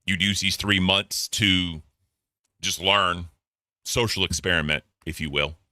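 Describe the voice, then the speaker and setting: A man with a low but piercingly bright voice, recorded close and dry. He gives casual commentary in a blunt, profane way, flaring into animated rants. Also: a little slow, dry recording. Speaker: commentary host.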